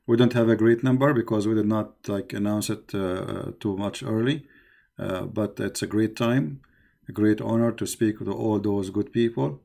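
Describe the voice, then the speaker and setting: Gravelly dark-voiced man host. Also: lowish voice, moderate pace. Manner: plain speech with many fillers and repetitions. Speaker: host of a call-in show. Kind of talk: casual closing talk to listeners on faith.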